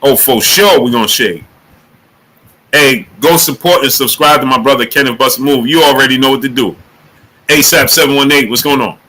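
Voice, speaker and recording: A man's voice: medium pitch, normal speed, poor audio. A man hosting a live boxing talk stream, greeting chat viewers by name and pressing them with the same question again and again. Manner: energetic, emphatic, repeats questions. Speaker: boxing show host.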